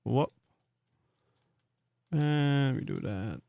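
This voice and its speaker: Slow rambling Swedish-accented man. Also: mid-range voice, animated, creaky, dark tone, no echo. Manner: rambling, many fillers and restarts. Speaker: streamer. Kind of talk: casual live-stream commentary while working in 3D.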